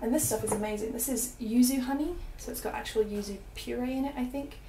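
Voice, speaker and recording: With a slightly high voice and a quick pace, a young Australian vlogger gives a chatty, giggly tour of her small apartment, peppering it with fillers while her accent drifts British. There's background noise, faint music, and the echo of a small room.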